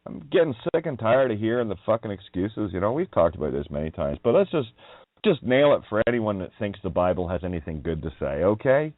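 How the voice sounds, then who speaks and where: A man's voice: on the low side, very animated, brisk, no echo. A man hosting a radio show, ranting in a profane, mocking monologue and laughing often. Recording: dry, tinny phone-like line.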